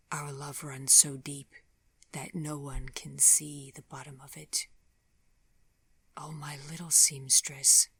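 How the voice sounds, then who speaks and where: A woman narrator voicing an anguished young man in an audiobook, speaking softly and tenderly in a half-whisper as he pleads with his lover. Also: low voice, husky, no echo, exaggerated voice. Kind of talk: audiobook dialogue.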